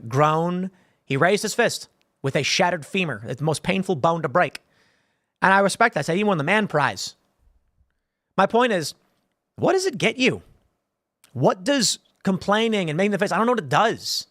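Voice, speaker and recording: A man's voice: sits high, lively intonation, moderate pace, fairly bright tone, no room sound, studio quality. A man in his thirties hosting a live-stream show, rambling through casual commentary with frequent restarts and a conversational tone. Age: 30s. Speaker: show host.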